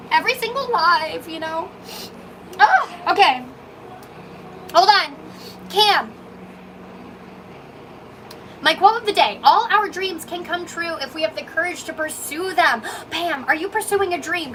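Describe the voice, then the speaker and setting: A woman's voice: high voice, background noise. A woman who owns a coffee shop, chatting on a livestream and reading out viewer comments in a bubbly, gushing, emotional way. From Canada. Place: small coffee shop, indoors.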